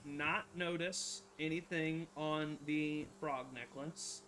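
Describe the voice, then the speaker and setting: A man running a tabletop game as its game master, his voice set a bit high for a man. He narrates haltingly, stacking fillers and correcting himself mid-sentence. A faint background hiss sits under him. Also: fairly even intonation, pushed and bright.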